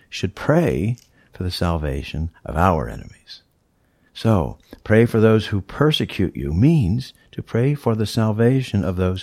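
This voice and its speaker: A man's voice: low voice, darkish tone, dry recording, studio quality. A male pastor preaching a sermon, teaching verse by verse in an emphatic, explaining way. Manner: teacherly, emphatic, walks through scripture verse by verse.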